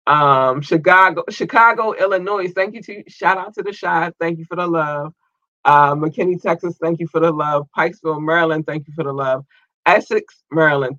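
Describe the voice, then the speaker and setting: A man hosting his own show in a loose, slangy, chatty way, rattling through listener shout-outs. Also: a little high, no room sound. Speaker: podcast host. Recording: dull lo-fi dry sound.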